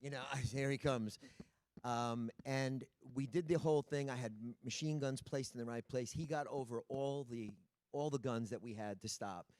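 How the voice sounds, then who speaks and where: A man on a panel telling a story in a relaxed, plain way. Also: mid-range voice, normal speed, no echo. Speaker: panel guest. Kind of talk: anecdote on a panel.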